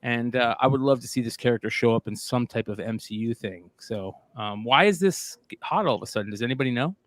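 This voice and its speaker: A man's voice: medium pitch, fast, a bit bright, dry recording. A man hosting a live stream, chatting casually and rambling with lots of fillers. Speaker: host. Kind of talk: casual chat.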